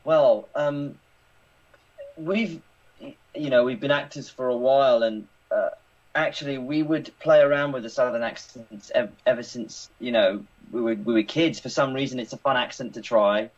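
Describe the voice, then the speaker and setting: A man's voice: medium pitch, normal speed, highs cut off. A man, an actor casually explaining his craft in a friendly interview. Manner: friendly, explanatory, laughs easily.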